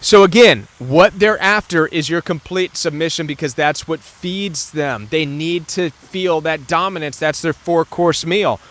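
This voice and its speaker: A man's voice: a little high, a little slow, hardly any pauses, fairly bright tone. A man hosting a talk about narcissistic abuse, speaking earnestly and emphatically, now and then acting out what others say. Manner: earnest, emphatic, acts out quoted voices. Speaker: host.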